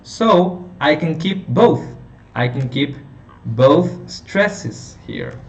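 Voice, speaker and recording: A man talks through a phonetics lesson at an unhurried pace, pausing to check in with his students. He sounds far from the mic in an echoey room. The sound is dull and lo-fi, with a faint hiss behind him. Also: a little high, expressive. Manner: slow, explanatory, checking in with "okay?". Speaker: teacher.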